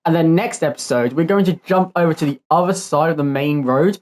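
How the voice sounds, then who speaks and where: A man's voice: fairly high pitch, brisk. A man hosting his own channel, giving casual gameplay commentary and thinking aloud in an easygoing way as he builds. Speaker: channel host.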